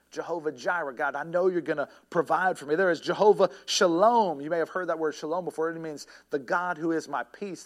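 A man preaching a sermon about prayer in an earnest way, with pauses and restarts, now and then rising to a shout as he tells a story. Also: on the high side. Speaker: pastor.

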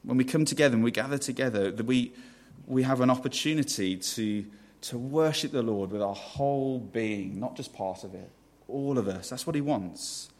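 A pastor delivers a sermon in a relaxed, conversational manner. His voice sits at an ordinary middle pitch, and he often stops to ask the congregation questions, circling back to restart his phrases. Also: normal speed.

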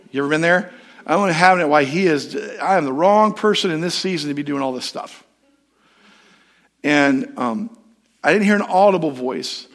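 A man's voice: fairly high pitch, a bit bright. A man, a pastor, preaching a sermon in a storytelling, conversational way and putting questions to the congregation.

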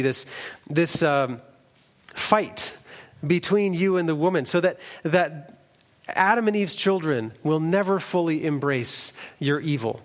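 A man preaching a sermon, reading scripture aloud in an earnest way with the odd restart. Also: on the high side.

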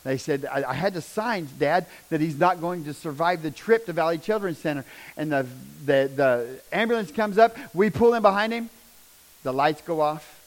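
A middle-aged man telling a personal testimony as a father, his telling raw and intense and swinging from hushed to loud. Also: a little high, normal speed. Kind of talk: emotional personal testimony storytelling.

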